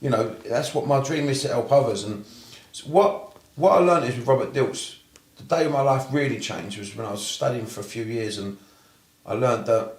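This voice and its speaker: A man's voice: mid-range voice, normal speed, reverberant. A man with a Cockney accent, a therapist telling his story in a casual interview, blunt and swearing freely.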